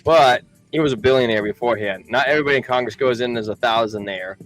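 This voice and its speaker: A man hosting a casual livestream in a middle-pitched voice. He talks loosely, chuckling and repeating himself as he makes a point. A faint bed of music plays beneath him. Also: fast talker, fairly bright tone, poor audio. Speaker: co-host of a crypto livestream. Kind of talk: casual chat and reading news.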